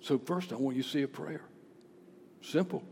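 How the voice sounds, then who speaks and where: A man preaching a sermon with impassioned delivery, dropping to a hush and then rising loud again. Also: medium pitch, normal speed, creaky, a little hiss or hum. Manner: impassioned, swings between hushed and loud. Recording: echoey hall with long reverb.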